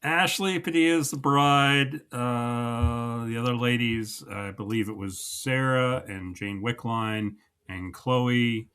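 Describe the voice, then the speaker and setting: A man's voice: medium pitch, slow, a bit bright, smooth. A man co-hosting a podcast, recapping sketches in a laid-back, wry casual chat. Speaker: podcast co-host.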